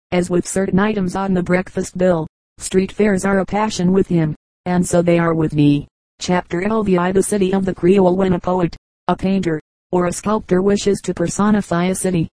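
A woman reading a travel memoir aloud as a volunteer audiobook narrator, in an even, unhurried way with light voicing of the dialogue. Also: on the low side, dry recording, poor audio. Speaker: audiobook reader. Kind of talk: scripted narration.

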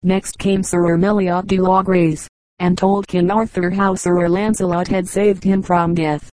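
A woman narrating an audiobook in a measured storytelling manner. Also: fairly low pitch, level tone, warm tone, dry recording, low-quality recording. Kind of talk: audiobook reading.

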